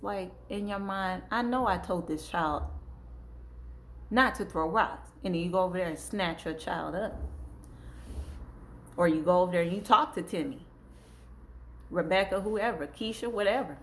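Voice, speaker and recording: A woman's voice: mid-range voice, fairly even intonation, moderate pace, a little hiss or hum. A woman hosting a parenting talk, speaking casually with features, acting out little example dialogues and circling back to her points. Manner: conversational, gives acted examples, repeats herself. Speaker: parenting channel host.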